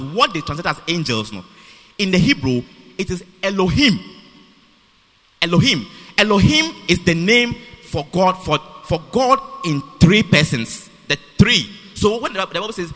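A high, bright-voiced man preaching with a lively, swooping delivery. He repeats and restarts his phrases emphatically, and his voice rings with the long reverb of a church hall. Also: a little fast. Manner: animated, repetitive, emphatic with many restarts. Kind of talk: sermon.

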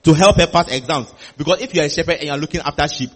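In a lively sermon, a male preacher with a high, husky voice speaks at a rapid-fire clip. He repeats phrases for emphasis and slips into playful acted-out exchanges with the congregation.

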